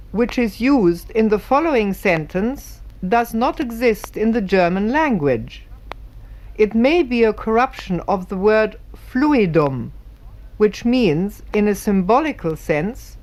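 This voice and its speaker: A woman reading scripted documentary narration in a careful, deliberate way. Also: mid-range voice, very animated, a little mellow.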